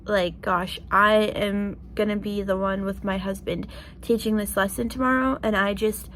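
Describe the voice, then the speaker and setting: A woman's voice: mid-range voice, steady tone, moderate pace, fairly bright tone, slight background noise. A young woman vlogging in a heartfelt, casual way, earnest and emotional, with lots of "like" and "you know". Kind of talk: heartfelt casual vlog talk.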